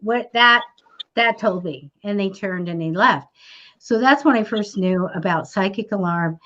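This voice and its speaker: A woman's voice: mid-range voice, a little slow. A middle-aged woman hosting a psychic talk show, telling a story in casual chat and acting out the voices of the people in it. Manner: animated storyteller, acts out quoted voices, laughs often. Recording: muffled lo-fi online stream audio.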